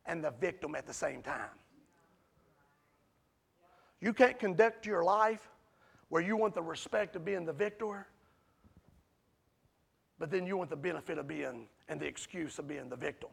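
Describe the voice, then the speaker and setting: A man preaching a sermon emphatically, swinging from hushed asides to near-shouting. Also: on the high side, measured pace, creaky, pauses often, husky.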